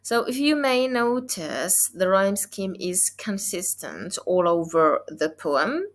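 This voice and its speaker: A woman teaching poetry, explaining step by step in a deliberate way and checking in with "okay?". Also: medium pitch, expressive. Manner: deliberate, counts syllables aloud, frequent "okay?" checks. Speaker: literature teacher. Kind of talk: explaining poem analysis step by step.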